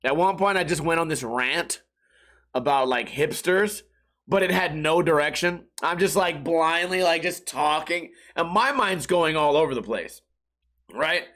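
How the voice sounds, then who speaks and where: Guy ranting on his own podcast, kinda high voice, swears a lot, rambles all over. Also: measured pace, a bit bright. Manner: profane, rambling, jumps into mock voices. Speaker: podcast host. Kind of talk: casual solo rant.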